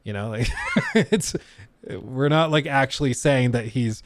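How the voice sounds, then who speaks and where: Male streamer, casual chat to camera, mid pitch, dry close mic. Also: measured pace, no echo. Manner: talks while reading and answering chat, many fillers and trailing asides.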